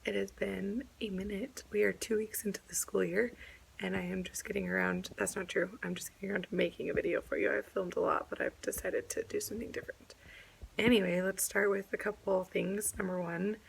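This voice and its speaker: A young woman, a second grade teacher, chatting in a casual classroom vlog with a hoarse, half-whispered lost voice. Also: medium pitch, fairly even intonation, a little fast, a little hiss or hum, rough recording. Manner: chatty, rambling, self-correcting.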